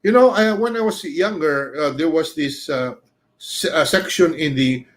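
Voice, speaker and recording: A male writing teacher talks through his lesson in a slightly raised voice, pausing constantly on "uh" fillers. He keeps tagging his points with a questioning "no?" as he goes. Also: a little high. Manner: hesitant, many "uh" fillers, frequent tag "no?". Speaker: writing teacher hosting a livestream. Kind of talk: unscripted livestream lecture.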